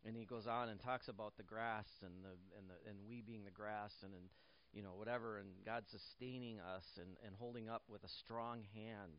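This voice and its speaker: A man's voice: on the low side, moderate pace, smooth, muffled recording. Man preaching with rising emphasis. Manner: animated preaching with repeated phrases and restarts; jokes lightly with the congregation. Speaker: pastor. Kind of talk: sermon. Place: church.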